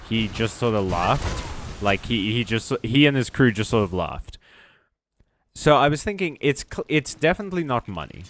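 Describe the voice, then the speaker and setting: A man's voice: lowish voice, a little hiss or hum. Rambling, cursing man streaming a game. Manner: rambling, self-deprecating, swears freely. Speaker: VTuber streamer. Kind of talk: casual gaming stream chat.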